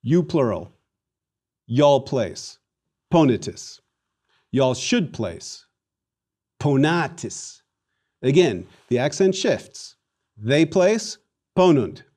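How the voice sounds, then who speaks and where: A man giving a recorded Latin lesson, an animated, theatrical teacher who leads the class through repetition drills. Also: medium pitch, slow pace, husky.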